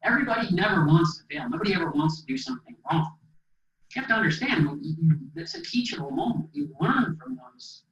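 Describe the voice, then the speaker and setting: A man from Minnesota giving an inspirational keynote speech as a motivational speaker, an animated storyteller who acts out the dialogue. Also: high-pitched, fast. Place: presentation hall. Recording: echoey hall, distant mic, dull sound.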